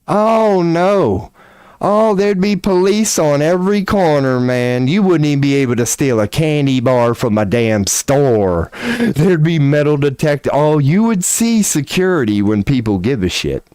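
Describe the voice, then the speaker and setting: In a dry, clean studio recording, a man speaks smoothly at a measured pace during a casual livestream rant. He also does tarot readings on the stream, and he's profane and rambling, with big pitch swings as he gets worked up.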